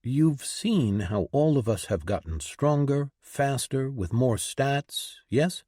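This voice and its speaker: A man's voice: medium pitch, expressive, takes it slowly, dark tone, slightly rough, no room sound, clean studio sound. A man playing a firm, practical young man.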